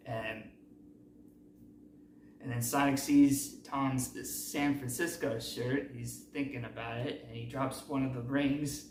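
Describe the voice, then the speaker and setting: A man's voice: mid-range voice, steady tone, unhurried. A man hosting a casual movie recap, talking in a rambling, self-correcting way. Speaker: movie review host. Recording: roomy, distant mic, faint noise.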